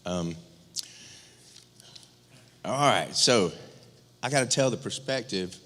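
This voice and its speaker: A man's voice: on the low side, lively intonation, takes it slowly, a bit bright, a little hiss or hum. A middle-aged man from rural Georgia giving a eulogy for his older brother, telling candid stories with humor and many fillers. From rural Georgia, US South. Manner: candid, joking storyteller with many fillers and restarts. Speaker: eulogist, younger brother of the deceased. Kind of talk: eulogy at a memorial service. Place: church sanctuary. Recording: long church-hall reverb.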